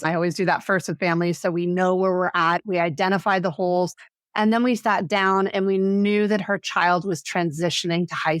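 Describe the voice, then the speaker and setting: A woman with a lowish, smooth voice, recorded in clean studio sound with no room echo, is a guest on an interview podcast. An education advocate, she tells stories animatedly and acts out the voices of the people she quotes.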